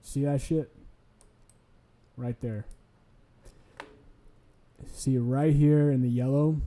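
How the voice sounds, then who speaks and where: A man's voice: mid-range voice, fairly even intonation, takes it slowly, warm tone, slight background noise. A young man streaming late at night, rambling and swearing casually as he chats. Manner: rambling, profane, chuckling.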